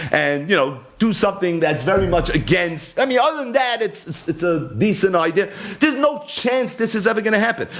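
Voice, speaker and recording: Male rabbi, animated teacher, rhetorical questions, acts out dialogue, bright high voice that swoops a lot. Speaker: rabbi teaching a Torah class. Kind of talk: animated scriptural lecture.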